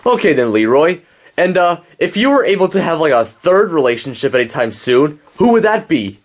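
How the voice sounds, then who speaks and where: A man's voice: fairly high pitch, big pitch swings, moderate pace. A man voicing a swaggering, lovesick male bird puppet in a homemade puppet show.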